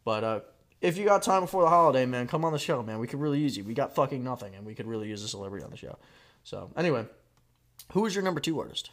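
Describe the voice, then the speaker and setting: A man hosting a podcast from a home basement, chatting casually with a rambling deadpan humor and frequent swearing. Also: mid-range voice, rapid-fire. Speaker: podcast host. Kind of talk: casual comedic chat.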